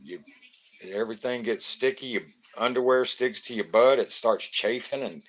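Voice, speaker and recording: A man's voice: medium pitch, normal speed. A man, from Florida, hosting a casual live stream, greeting viewers by name in a loose, joking way.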